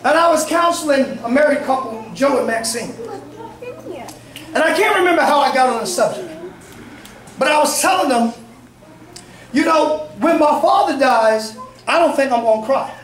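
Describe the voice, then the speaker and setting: A middle-aged man, a bishop preaching a sermon, telling stories with fervor and frequent shouts. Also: very high-pitched, moderate pace, pauses often. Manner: fervent, storytelling, often shouting. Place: church sanctuary. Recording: echoey church from a distance, congregation audible.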